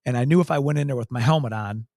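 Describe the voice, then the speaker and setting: A man's voice: mid-range voice, racing, gravelly, a little mellow, no echo. A man with a mid-range voice tells his story in an earnest, emphatic way, circling back to key phrases. The sound is close and dry, with no room around it. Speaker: county sheriff, guest. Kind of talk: storytelling in a talk show interview.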